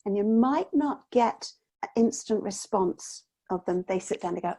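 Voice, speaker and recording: Speaking at a moderate pace in a warm, mid-range voice with some breathiness, a woman appears as a guest in a casual interview over video call. She walks parents through mindset strategies in an earnest, explanatory manner and imitates children's voices.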